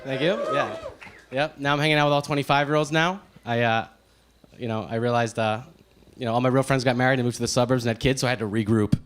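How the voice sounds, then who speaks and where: A man in his thirties from New Jersey doing a nervous stand-up set on a comedy club stage, halting and full of fillers. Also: mid-range voice, fairly even intonation, a bit bright, slight background noise. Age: 30s.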